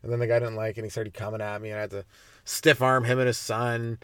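A man's voice: medium pitch, level tone, fast talker, a bit bright, smooth, no room sound, studio quality. A young Canadian man hosting a comedy podcast, telling a rambling, profane story with a casual, joking delivery. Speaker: podcast host, stand-up comic.

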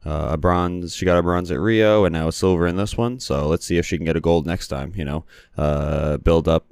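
A man's voice: deep voice, fairly quick, gravelly, darkish tone, no echo, clean studio sound. A young man casually recapping sports results, rambling with many fillers and blunt asides. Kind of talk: casual solo commentary.

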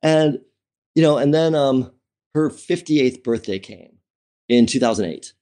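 A man's voice: mid-range voice, expressive, a little slow, dark tone. A man telling a personal story in an interview, candid and emotional, with many fillers and restarts. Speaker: interview guest.

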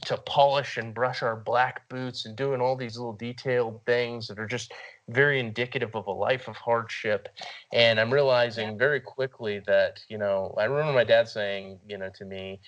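A man's voice: mid-range voice, fairly even intonation, moderate pace, a bit bright, lo-fi sound. A man in his thirties, an army veteran, telling his story earnestly in a casual interview, with many "you know" fillers. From United States. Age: 30s. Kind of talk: conversational storytelling.

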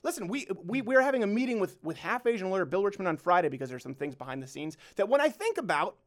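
A man's voice: high voice, big pitch swings, fast. A male host delivering an emphatic closing monologue rant, hammering home his points with repeated rhetorical questions.

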